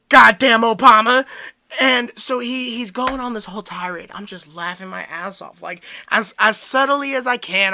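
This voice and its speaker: A man's voice: high-pitched, gravelly, bright, forceful tone. A young man co-hosting a podcast, telling a long story animatedly and laughing along the way. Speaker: podcast co-host. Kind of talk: casual storytelling.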